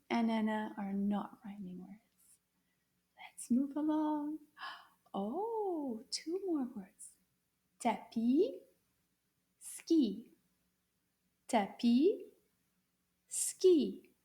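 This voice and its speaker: A woman leads a children's lesson at a very unhurried pace. Her voice sits a little high yet sounds soft and mellow, and she draws out her questions in a sing-song way for young learners. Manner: slow, sing-song teacher voice, drawn-out questions. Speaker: French teacher for children. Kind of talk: kids' language lesson, speaking to the viewer.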